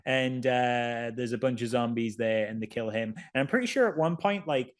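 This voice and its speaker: Man, casual podcast chat, wry and sarcastic, rambling, mid-pitched voice. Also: moderate pace. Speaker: podcast co-host. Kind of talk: casual film review chat.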